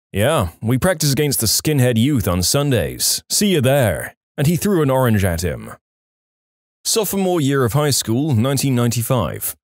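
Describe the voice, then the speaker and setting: Animated man narrating reddit stories. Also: mid-range voice, dry recording, clean studio sound. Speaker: story narrator.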